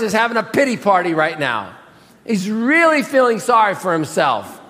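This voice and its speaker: A man's voice: high-pitched, sing-song, moderate pace, pushed and bright, big-room sound. A pastor preaching a sermon, emphatic, reading scripture and putting pointed questions to his congregation. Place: church sanctuary.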